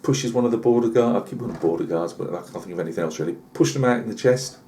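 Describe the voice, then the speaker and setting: Over slight background noise, a British man hosting his channel races through a rambling comic tall tale in a mellow, lowish voice. He talks very fast, chatty and heavy on asides and fillers.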